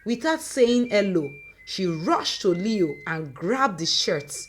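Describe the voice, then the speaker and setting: A woman, reading a dramatic folk story aloud in a lively, folksy manner. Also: medium pitch, slow pace, hardly any pauses, slight background noise. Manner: lively folksy narration with local similes. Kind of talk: scripted story narration.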